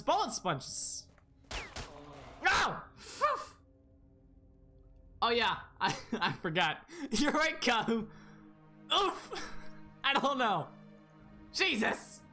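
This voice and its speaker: A streamer giving excitable live commentary while playing a shooter, yelping and talking to chat. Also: mid-range voice, unhurried, soft background music. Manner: excitable, yelps and laughs, talks to chat.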